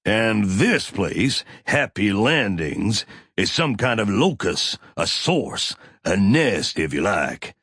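A man reading an audiobook, voicing a smug, smooth male officer who speaks in a measured, dismissive way. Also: lowish voice, sing-song, a bit bright, no room sound, clean studio sound, heavily acted. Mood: insistent.

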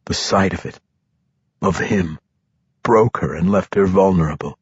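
A man voicing a grim, sarcastic assassin, low and husky. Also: unhurried, no echo, exaggerated voice. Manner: dry, clipped, sarcastic. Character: grim, wry male assassin. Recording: dull lo-fi recording.

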